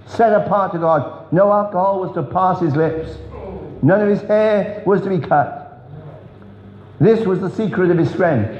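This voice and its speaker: A man preaching an earnest revival sermon, telling stories with emphatic pauses. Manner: earnest, storytelling, emphatic drops in pitch. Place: large church hall. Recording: echoey church hall, dull sound.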